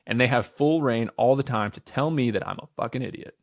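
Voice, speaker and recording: Energetic, candid man in his thirties. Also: medium pitch, brisk, no room sound, clean studio sound. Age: 30s. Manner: energetic, talks with certainty; candid, swears casually. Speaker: entrepreneur guest. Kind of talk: podcast interview.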